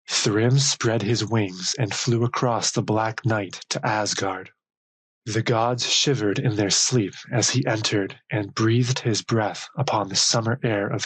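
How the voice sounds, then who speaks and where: Slow husky male storybook narrator. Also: lowish voice, no echo, low-quality recording. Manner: slow, measured, deliberate phrasing. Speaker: audiobook narrator.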